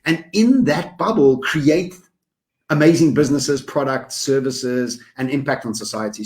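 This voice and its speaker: A man co-hosting a podcast in casual conversation, energetic and given to quick lists. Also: a little high. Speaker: podcast co-host.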